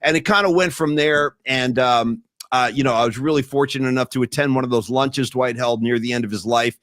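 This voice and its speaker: A man hosting a podcast, telling stories in an animated, emphatic way over casual chat. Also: medium pitch, brisk, no room sound, studio quality. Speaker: podcast host.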